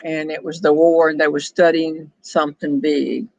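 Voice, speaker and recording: An older woman, chatting and storytelling on a back porch, wry and quick to laugh. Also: sits low, little pitch movement, gravelly, a little mellow, dry recording, dull audio. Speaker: storyteller host reading viewer questions. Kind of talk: casual chat with a friend.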